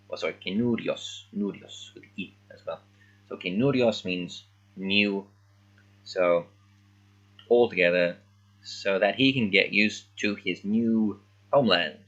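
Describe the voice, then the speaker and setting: A man reading along with a children's book as a language learner, thinking aloud and sounding out words haltingly in casual commentary. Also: deep voice, a bit bright, dull audio.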